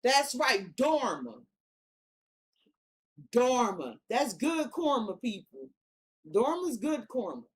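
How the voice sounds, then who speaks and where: High-voiced woman, tarot reader, casual monologue, slangy and emphatic with lots of cursing. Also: big pitch swings, slow pace, long pauses. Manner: blunt, profane, slangy and emphatic.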